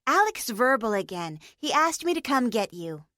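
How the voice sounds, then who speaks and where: A woman's voice: a little high, sing-song, moderate pace, sharp tone, dry recording, clean studio sound. A woman voicing a small, cheeky female pixie who teases the couple, in an audiobook reading.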